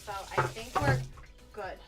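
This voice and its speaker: A woman VTuber chatting casually while cooking on a livestream, animated and quick to laugh, swearing casually and poking fun at herself. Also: fairly high pitch, over loud music. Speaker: VTuber streamer.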